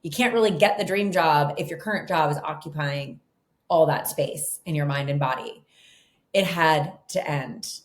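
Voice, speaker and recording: A woman's voice: low-pitched, normal speed. Chatty woman in an echoey room. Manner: chatty, animated, lots of "like" and "you know". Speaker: guest author. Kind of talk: casual interview storytelling.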